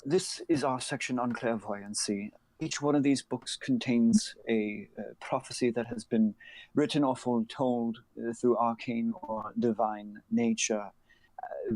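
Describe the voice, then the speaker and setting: A man voicing a polite elf librarian monk in whispered role-play, keeping his voice low. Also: steady tone, measured pace, natural voice, poor audio. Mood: hushed, helpful. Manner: soft-spoken, polite. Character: hushed elf librarian monk, calm and helpful.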